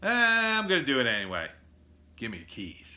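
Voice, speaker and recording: A man's voice: medium pitch, huge pitch swings, fairly quick, sharp tone, exaggerated voice. A man voicing a brazen young male street robber who talks in a cocky, mocking way.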